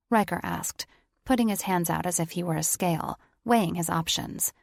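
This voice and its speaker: Low gravelly female audiobook narrator. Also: normal speed, no echo, studio quality. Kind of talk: first-person audiobook narration.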